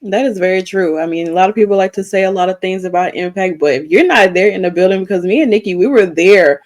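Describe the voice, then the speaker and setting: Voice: medium pitch, fast talker. Chatty podcast co-host. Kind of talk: casual interview.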